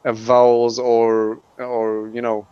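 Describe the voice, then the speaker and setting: Interview guest, a man, halting English, resonant voice, flat dry sound. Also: mid-range voice, smooth, no room sound. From Middle East. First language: not English. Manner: hesitant, many restarts and fillers. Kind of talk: casual interview. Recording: dull lo-fi sound.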